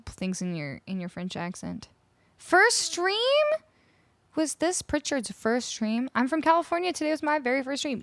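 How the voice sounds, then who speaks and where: A woman's voice: fairly high pitch, a bit bright, no room sound. Chatty Canadian-raised woman streamer. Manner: chatty, reads out chat messages and greets viewers. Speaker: music streamer. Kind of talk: casual live-stream chat with viewers. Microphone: studio microphone.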